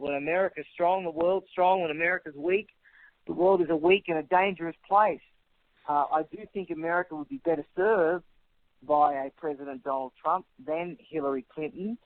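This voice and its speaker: A man's voice: a little high, no room sound. An Australian man in his thirties, a guest in a radio interview, speaking confidently in punchy rhetorical contrasts. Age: 30s. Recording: tinny phone line, dry.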